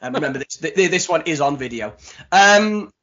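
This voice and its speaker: A man's voice: fairly high pitch, animated, fairly quick, bright, forceful tone. A man hosting a podcast in a casual, jokey way, full of ums and asides. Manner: chatty, jokey, with many ums. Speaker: podcast host. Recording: dull lo-fi podcast audio.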